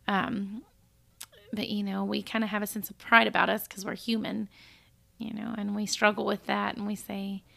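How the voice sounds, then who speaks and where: A woman's voice: mid-range voice, moderate pace, gravelly. A woman co-hosting a casual Bible study podcast, reading scripture aloud and talking it through. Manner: reads scripture aloud, animated when quoting. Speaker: podcast co-host.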